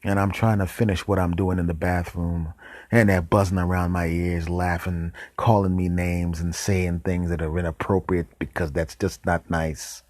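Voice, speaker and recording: A man hosting a show, telling a comic story in an animated way with whispered deadpan asides. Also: low voice, moderate pace, no room sound. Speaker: show host.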